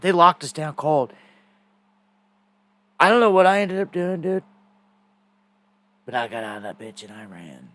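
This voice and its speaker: Male stream host, casual rambling storyteller, somewhat high voice, dead-dry sound. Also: fairly bright tone, dry recording. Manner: rambling storytelling with fillers and repeated words. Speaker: host of a live news stream. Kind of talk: casual live-stream monologue.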